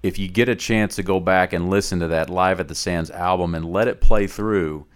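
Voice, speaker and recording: A male podcast host chats casually with his guest, leaning on fillers as he steers the talk. His voice sits very low. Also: normal speed. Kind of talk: casual interview.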